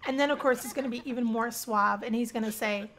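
Excitable high-voiced woman gamer. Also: fast talker. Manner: excitable, squeals and laughs often. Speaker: gaming channel host. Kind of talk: casual let's-play commentary.

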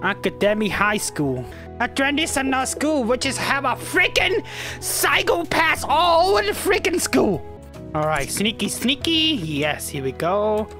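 Excitable woman narrating gameplay, lively pitch. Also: a little slow, soft background music. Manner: excitable, yelling at game characters, frequent laughter. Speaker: gaming YouTuber. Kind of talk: casual gameplay commentary.

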